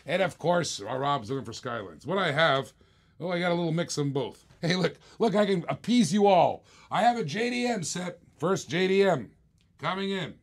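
A man's voice: on the high side, expressive, normal speed. An older man hosting a live-stream toy car auction, chatty and enthusiastic, repeating himself as he shows each car. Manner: enthusiastic, chatty, repeats lines while showing cars.

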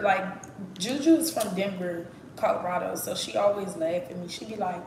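A woman's voice: medium pitch, fairly quick. A woman from East Texas with an East Texas accent, chatting candidly and profanely on a livestream. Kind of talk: casual livestream chat. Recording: echoey room with background noise.

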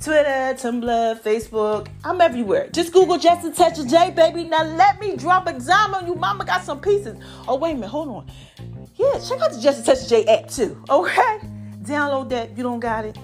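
Lively woman podcast host, "baby" and "y'all". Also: sits high, soft background music. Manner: animated, drawn-out preacher-like delivery with "baby" and "y'all". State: voice a little strained from allergies. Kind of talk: solo podcast talk.

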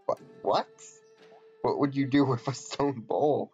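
A man's voice: mid-range voice, slow pace, darkish tone. A man giving offhand, jokey commentary while playing a game and reading its dialogue aloud. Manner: jokey, offhand, mutters asides. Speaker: gameplay commentator. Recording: dull lo-fi with faint game music.

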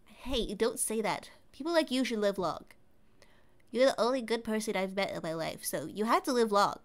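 A woman's voice: a little high, animated, normal speed, close to an everyday voice. A woman voicing a young male stray cat in a game, cutesy and earnest, telling his past. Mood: pleading.

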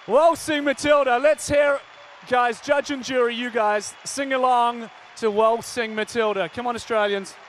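A man, shouting to a rugby stadium crowd as an upbeat entertainer. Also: very high voice, fairly even intonation, measured pace, hardly any pauses, a little hiss or hum. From New Zealand. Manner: exuberant, rousing, calls out to the crowd.

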